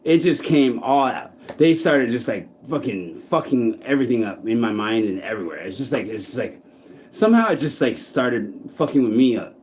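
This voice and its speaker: A man vlogging outdoors in a park, speaking in a blunt, halting monologue full of restarts and swearing. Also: mid-range voice, expressive, darkish tone, slight background noise. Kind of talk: candid personal monologue.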